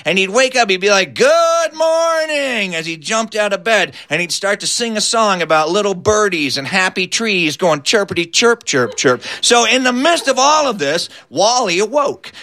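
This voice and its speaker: A man telling a comic story, animated and building to his punchlines. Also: high-pitched.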